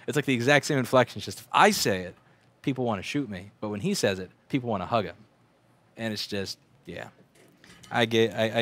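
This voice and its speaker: Blunt, profane man rambling on a livestream. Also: mid-range voice. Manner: blunt, profane, frequent restarts and fillers. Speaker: livestream host and repair technician. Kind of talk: rambling casual livestream talk. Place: repair shop workbench.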